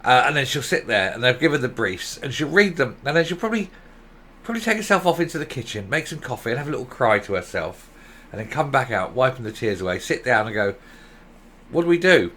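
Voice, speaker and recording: A man delivers an opinionated political vlog with sarcasm and exasperation, breaking into mocking asides. His pitch moves a lot, and his tone is bright and forceful. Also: animated, fast talker, slight background noise. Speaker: political commentator.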